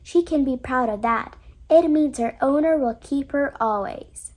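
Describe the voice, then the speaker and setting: A woman reading as a brisk, fussy mother duck. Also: high-pitched, a little mellow. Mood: urging.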